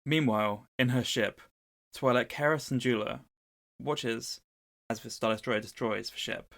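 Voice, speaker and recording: A man's voice: medium pitch, measured pace, gravelly, a bit bright. A man co-hosting a casual podcast, retelling a book's plot in an easygoing storytelling way. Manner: storytelling summary of a book plot. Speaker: podcast co-host.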